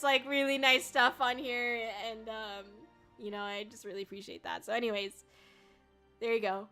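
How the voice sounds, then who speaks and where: A woman's voice: mid-range voice, fairly even intonation, moderate pace, pushed and bright, soft background music. A young woman streamer chatting casually with her viewers, bubbly and giggly, with lots of filler words. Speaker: VTuber streamer. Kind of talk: casual livestream chat with viewers.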